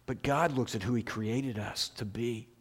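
A man preaching a sermon as pastor, slow and emphatic, restarting his phrases often. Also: medium pitch, breathy edge. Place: church sanctuary. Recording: long church reverb.

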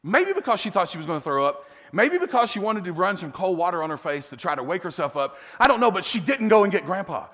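A middle-aged man preaching a sermon, telling a family story with animated asides and chuckles. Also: high-pitched, fast talker, hardly any pauses. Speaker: pastor. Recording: long hall reverb.

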